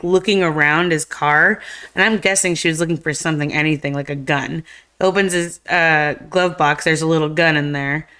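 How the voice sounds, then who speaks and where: A woman's voice: low-pitched, clear, resonant tone. A woman co-hosting a live stream, casually retelling a film's plot with lots of fillers and acted-out lines. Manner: rambling, animated retelling with acted-out quotes. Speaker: podcast co-host. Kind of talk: casual chat recapping a film.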